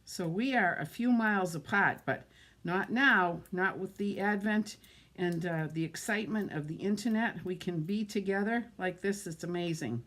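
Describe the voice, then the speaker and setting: A woman's voice: on the low side, moderate pace, a bit bright. A woman with a Boston-area Massachusetts accent, chatting casually through a live card-making demo and greeting viewers by name. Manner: chatty, greets viewers by name, thinks aloud while working. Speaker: card-making livestream host.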